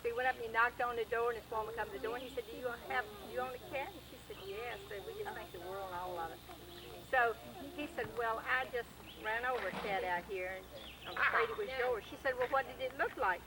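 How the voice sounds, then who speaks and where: A woman telling folksy jokes in a drawn-out way at a family gathering. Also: on the high side, a crowd in the background, poor audio. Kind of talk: casual joke telling at a family reunion. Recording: home video with loud background noise.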